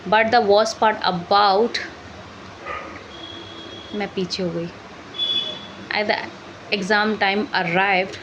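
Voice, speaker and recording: A woman reading a story aloud for shadowing practice, halting and correcting herself as she goes. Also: medium pitch, background noise. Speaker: English learning channel host.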